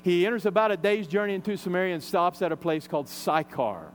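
A man preaches in a slightly high voice. He retells a scripture story in a loose, conversational way, with frequent fillers. A faint mains hum sits under the recording. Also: fast. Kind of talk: sermon retelling a Bible story.

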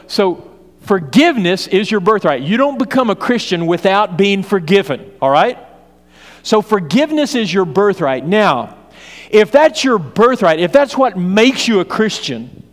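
A male pastor delivering a sermon with emphatic, repeated points and lively storytelling. His voice sits fairly high, and a long hall reverb trails each phrase.

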